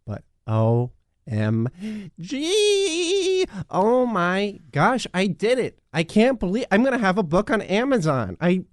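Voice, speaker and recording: A man's voice: high-pitched, sing-song, measured pace. A man playing a naive, overexcited radio host who stammers and gushes in a satirical radio sitcom. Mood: giddy. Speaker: show host.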